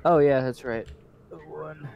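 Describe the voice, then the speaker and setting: A man with hiccups playing a game with friends, making short, quiet remarks in casual chat. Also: on the high side, fairly even intonation, takes it slowly, creaky, dull audio, slight background noise. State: has hiccups. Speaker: co-player.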